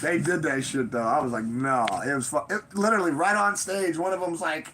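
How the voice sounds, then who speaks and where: A woman telling a story in a casual vlog, swearing freely and jumping high in pitch for quoted voices. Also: brisk, background noise. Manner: profane, animated, swings pitch for quoted voices.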